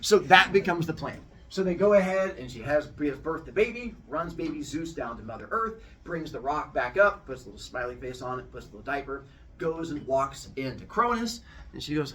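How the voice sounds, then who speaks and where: A man hosting a podcast, telling a myth as an animated, jokey comic story. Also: medium pitch, a little fast, distant mic, a little hiss or hum. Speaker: podcast host.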